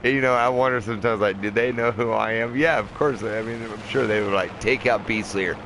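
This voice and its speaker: A mid-range male voice, a little fast, provides relaxed, foul-mouthed commentary on a flight combat game he's playing. He rambles and laughs a lot, with the game audible behind him.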